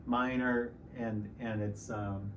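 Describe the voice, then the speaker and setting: A middle-aged man teaching piano in a relaxed, explanatory way, stopping and restarting often. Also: lowish voice, slow pace, highs cut off, background noise. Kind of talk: casual piano tutorial. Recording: piano loud in the background.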